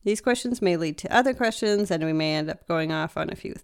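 A woman co-hosting a podcast, with a smooth, clear voice that sits fairly low for a woman. She talks about her work in an earnest, thoughtful way. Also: expressive, a little fast. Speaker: podcast co-host and fantasy author. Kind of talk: casual chat.

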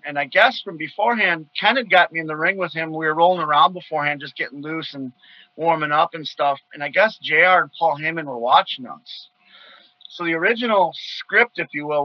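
A man's voice: fairly high pitch, dry recording, muffled recording. A man from Wisconsin telling casual stories as a guest, acting out the quoted voices with energy. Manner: animated, acts out quoted voices loudly. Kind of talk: casual storytelling.

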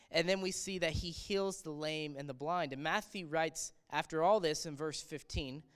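A male pastor with a high, smooth voice delivers an animated sermon. He rises and falls in loudness as he builds each point. His words ring out in a church sanctuary with a long reverb trailing behind. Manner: animated preaching, swelling louder on quoted cries.

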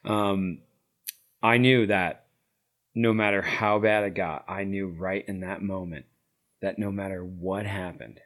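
A man's voice: deep voice, fairly even intonation, unhurried, fairly bright tone. A middle-aged man telling stories in a casual interview, rambling with many fillers. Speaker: guest, founder of a veteran horse program.

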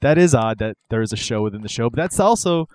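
A man welcoming listeners to his podcast in a mid-pitched voice. His manner is jokey and upbeat, and he laughs often. The recording is dry and close. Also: expressive, fast talker, darkish tone, clear, resonant tone, no echo. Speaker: podcast co-host. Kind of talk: casual chat.

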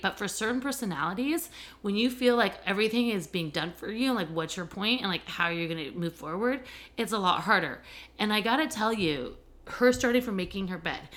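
Candid, animated middle-aged woman podcaster. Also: medium pitch. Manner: candid, animated storytelling with frequent fillers. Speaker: podcast host and educator working with children and families. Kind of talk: casual podcast monologue.

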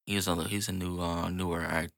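Male co-host, low and gravelly, mellow soft delivery, dry studio mic. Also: level tone, normal speed, dry recording. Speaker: podcast co-host. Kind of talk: casual chat.

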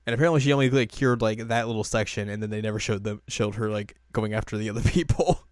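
A man's voice: lowish voice, quick pace, clear, resonant tone, dry recording. A man co-hosting a casual chat, dry and teasing, often laughing. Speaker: podcast co-host.

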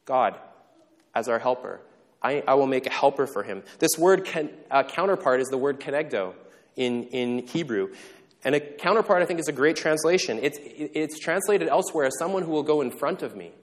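Casual joking pastor in a reverberant hall. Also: male voice, medium pitch, expressive. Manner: casual and joking, with quick asides and questions to the congregation. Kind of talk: conversational sermon. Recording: long reverb in a large hall.

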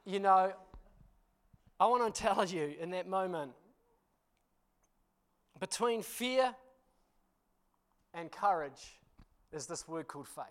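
A man with a fairly high voice preaches to his congregation. He tells stories in an animated, self-deprecating way, laughing at himself, and keeps checking in with his listeners. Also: takes it slowly, pauses often. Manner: addresses congregation with frequent "you know" and "hmm?". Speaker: pastor. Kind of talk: storytelling sermon.

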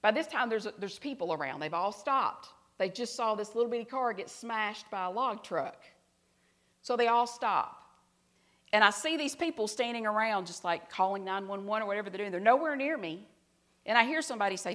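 A middle-aged woman, preaching a sermon and telling a personal story earnestly, her voice dropping soft and quiet at tender moments. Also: medium pitch, expressive, moderate pace. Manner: earnest storytelling, drops to soft quiet tones at emotional parts.

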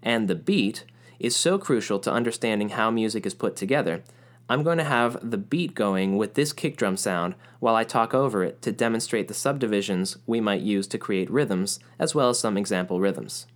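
A man narrating a music lesson in a clear, explanatory way, now and then chanting rhythm syllables aloud. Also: fairly low pitch, expressive, normal speed. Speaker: music teacher.

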